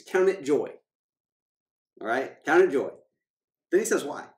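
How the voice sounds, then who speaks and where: A man's voice: medium pitch, sing-song. Emphatic man teaching scripture, echoey room. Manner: emphatic, repeats key phrases, slows down to read scripture. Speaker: financial coach.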